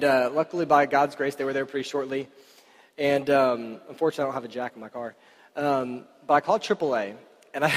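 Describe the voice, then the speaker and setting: A man preaching a sermon, telling stories in a chatty, animated way full of "like" fillers, in a church hall. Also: high-pitched. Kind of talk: sermon storytelling. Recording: reverberant hall.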